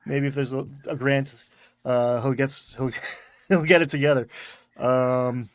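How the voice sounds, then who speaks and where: A man's voice: medium pitch, steady tone, measured pace, dry recording, studio quality. A man with a Long Island accent hosting a casual chat, rambling and correcting himself with chuckles. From Long Island, New York. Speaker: podcast host.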